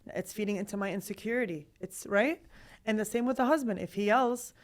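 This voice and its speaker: A woman in her thirties, a trauma therapist, talking in a podcast conversation, animated and full of rhetorical questions. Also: mid-range voice, fairly quick. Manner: animated, acts out quoted voices, asks many rhetorical questions.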